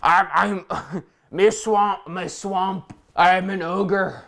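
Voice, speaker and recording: Man doing a slow mumbling Shrek. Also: sits high, creaky, a bit bright, full character voice. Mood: gruff. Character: grumpy big male swamp ogre.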